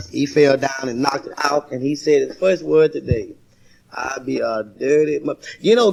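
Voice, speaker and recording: In a noisy vintage live recording, a man with a gravelly, medium-pitched voice performs folksy stand-up comedy, spinning stories and laughing at his own jokes.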